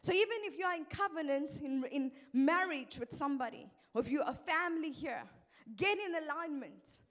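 A middle-aged woman preaches with a lively, emphatic delivery. Her voice sits high, and she shifts it to act out the people she quotes. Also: normal speed. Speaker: pastor's wife preaching. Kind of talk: sermon.

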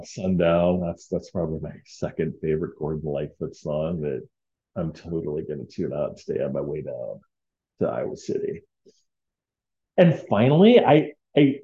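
A man's voice: low voice, dark tone, muffled recording. A man hosting a casual solo podcast, rambling and heartfelt with many fillers. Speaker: podcast host.

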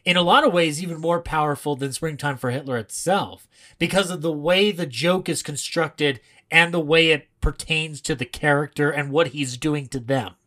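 A podcast co-host in a casual film analysis chat, animated and laughing often. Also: mid-range voice, normal speed.

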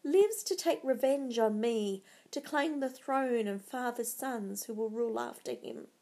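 A woman's voice: on the high side, sing-song, measured pace, warm tone, heavily acted. A woman doing a tormented guilty king. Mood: anguished. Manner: brooding, bursts into roars.

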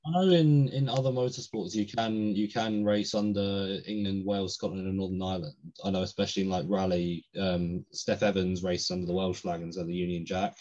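A man's voice: low voice, fairly even intonation, brisk, few pauses, darkish tone, highs cut off. A man co-hosting a podcast, thinking aloud in a hesitant, casual way. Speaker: podcast co-host. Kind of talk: casual chat.

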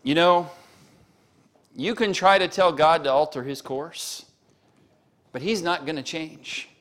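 A pastor preaches a sermon in a slow, somewhat bright, fairly high voice. He weaves in story asides for the congregation, builds toward emphatic peaks, and asks show-of-hands questions.

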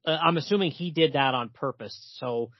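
Podcast co-host, male, husky, reads comic lines aloud, dull lo-fi recording. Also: a little high, fairly quick. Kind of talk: casual comic book discussion.

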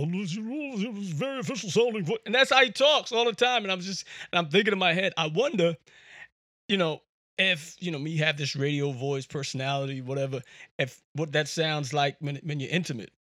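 A man hosts a podcast, talking in a loose, rambling, jokey monologue full of fillers over a USB microphone. His voice is a little high, bright and forceful. It's a dry recording with clean studio sound.

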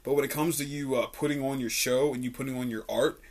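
A man's voice: mid-range voice, fairly even intonation, fast talker, a little mellow. A young man from Richmond, Virginia, hosting a podcast and telling stories in a laid-back, swearing way, full of likes and uhs. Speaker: podcast host, comedian. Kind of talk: casual storytelling chat. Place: studio.

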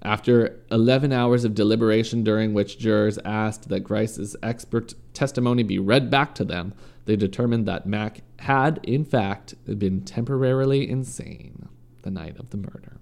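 A man's voice: lowish voice, moderate pace, vocal fry, darkish tone. A man reading a story aloud in a casual way, stumbling and correcting himself now and then. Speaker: podcast host reading a story. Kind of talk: casual true-crime reading.

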